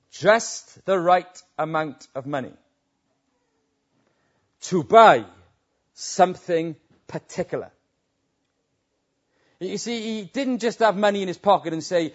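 A man preaching a sermon, telling stories that swell into loud, emphatic peaks. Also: high-pitched. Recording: dull lo-fi recording.

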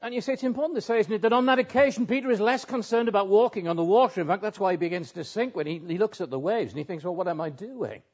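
Male preacher, earnest and emphatic sermon delivery, slightly high voice, muffled lo-fi sound. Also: rapid-fire, few pauses, darkish tone. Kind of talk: expository sermon. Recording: dull lo-fi sound.

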